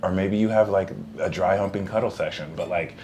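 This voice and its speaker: A man's voice: sits low, a little fast, a little mellow, a little hiss or hum. A man co-hosting a live podcast, reading tarot cards in a casual, joking way and laughing often. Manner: joking, laughs often, trails off mid-sentence. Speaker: podcast co-host, tarot reader.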